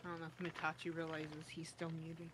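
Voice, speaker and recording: A friend on a voice call, chatting casually in a relaxed way and laughing often. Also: mid-range voice, a little fast, background noise. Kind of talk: casual chat over voice call.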